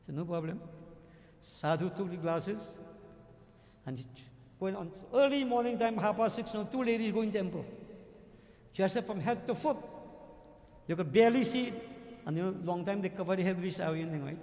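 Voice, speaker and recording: Trinidadian pundit preaching in an echoey hall. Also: male voice, high voice, normal speed, long pauses. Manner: animated, addresses the audience as devotees. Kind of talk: religious discourse with storytelling. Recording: echoey hall with long reverb.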